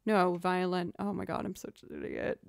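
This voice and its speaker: A woman's voice: lowish voice, little pitch movement, normal speed, creaky. A young woman from outside Boston chatting casually with her livestream viewers, talking about music and her loops with a self-deprecating humor. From outside Boston, Massachusetts. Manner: chatty, self-deprecating, reads chat aloud. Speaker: streamer and musician.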